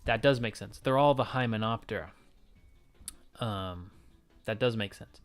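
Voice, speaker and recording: A man's voice: lowish voice, a little slow. A young man from Ontario, Canada, streaming and chatting casually with viewers, rambling and joking as he answers questions. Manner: rambling, self-interrupting, joking with chat. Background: faint music.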